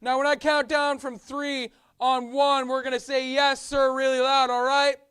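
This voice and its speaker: A woman teaching a children's Sunday school class, coaxing the kids, singing and shouting along with them in a church classroom. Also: high-pitched, little pitch movement, normal speed, clean tone. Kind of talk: leading kids in song and chat.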